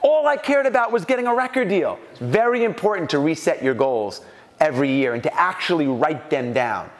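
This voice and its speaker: A man from New York giving an animated storytelling talk at a business mastermind and acting out the voices in his anecdotes. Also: fairly high pitch, a little fast, big-room sound. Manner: animated, acts out quoted voices.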